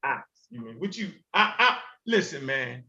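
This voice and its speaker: A man hosting a show, giving heated commentary in an animated, emphatic and profane way, often repeating himself. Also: mid-range voice, normal speed. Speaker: host. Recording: dull lo-fi recording.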